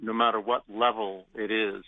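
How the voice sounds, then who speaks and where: A man telling stories in a phone interview, animated, laughing often and restarting his sentences. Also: on the low side, moderate pace, dry recording. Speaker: actor guest. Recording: phone line.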